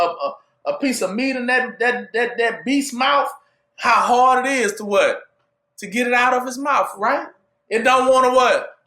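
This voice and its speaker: Man, preacher, call-and-response sermon, high voice, ringing room echo. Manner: asks "what?" for the audience to fill in; rising to shouts at peaks.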